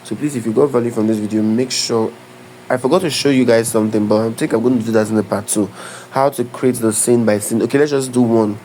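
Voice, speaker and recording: A man's voice: mid-range voice, steady tone, fast talker, warm tone, slight background noise, rough recording. A man giving a live step-by-step tutorial, talking loosely and often stopping to ask if you understand. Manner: instructive, keeps asking "do you understand?"; loose, repeats and restarts phrases. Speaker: tutorial creator. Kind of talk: live screen-share tutorial.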